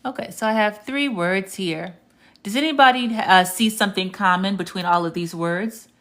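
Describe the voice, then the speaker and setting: A woman teaching Spanish on a live stream, patient and clear, slowing down to repeat example words and stopping to answer viewer comments. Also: mid-range voice, fairly bright tone. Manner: reads viewer comments aloud and answers them. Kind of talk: live-stream language lesson.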